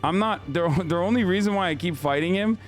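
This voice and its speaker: A man streaming a video game and chatting with viewers, hoarse from screaming, frustrated and swearing, often restarting his sentences. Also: high-pitched, fairly quick, faint music behind. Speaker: live streamer. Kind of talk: casual gaming stream chat.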